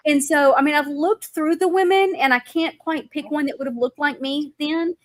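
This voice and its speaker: A woman's voice: high-pitched, moderate pace. A woman host, telling stories in a casual chat. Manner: animated storytelling.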